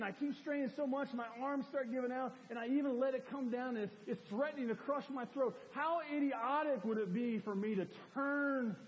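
A man preaching a sermon as a pastor, animated, acting out cries for help to make his point. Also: very high voice. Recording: long hall reverb.

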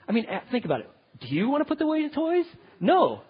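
A man teaching parenting in sermon style, animated, often checking in with "okay?". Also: extremely high pitch, a little fast, few pauses, husky. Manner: animated, acts out parents and kids, keeps asking "okay?". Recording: dull, lo-fi hall with long reverb.

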